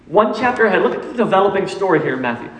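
A man's voice: high voice, sing-song, rapid-fire, reverberant, big-room sound, low-quality recording. A man preaching a sermon in church, emphatic and repetitive, quizzing his congregation as he goes. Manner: emphatic, repeats key points and quizzes the congregation. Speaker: pastor. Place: church sanctuary.

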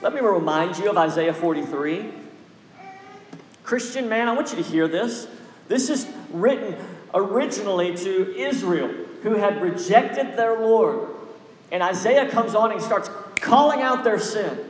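A man's voice: high voice, expressive, unhurried, reverberant, big-room sound. A man preaching a sermon as a pastor, urging his listeners with a repetitive, exhorting cadence.

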